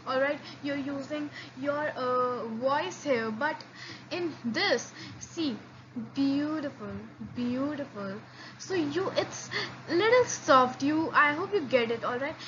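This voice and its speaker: A woman's voice: high-pitched, takes it slowly, highs cut off, background noise. A woman teaching a beginner language lesson, patient and encouraging, often restarting and repeating sounds for learners to copy. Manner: frequent restarts and fillers.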